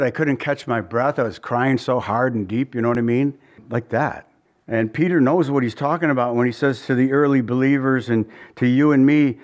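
A man preaching a sermon as pastor, earnest and conversational, pleading at times with his listeners. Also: medium pitch. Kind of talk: expository sermon.

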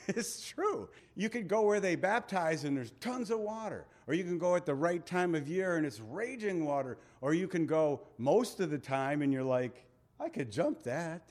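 Male pastor, conversational sermon, chatty asides, reads scripture aloud. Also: fairly high pitch. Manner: conversational preaching with asides and small laughs.

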